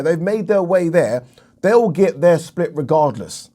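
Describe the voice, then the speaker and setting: An Englishman with a slightly high, warm voice rants about boxing in a solo opinion vlog, keeping a measured pace with lively intonation. He's indignant and emphatic, swearing freely and repeating himself.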